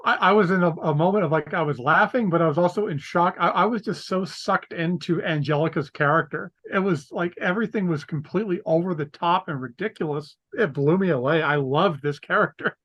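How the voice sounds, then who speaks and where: A young adult man with a slightly high voice co-hosts a casual movie podcast. He gushes with enthusiasm, trips over his words and swears casually. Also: brisk, few pauses, a bit bright. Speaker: podcast co-host.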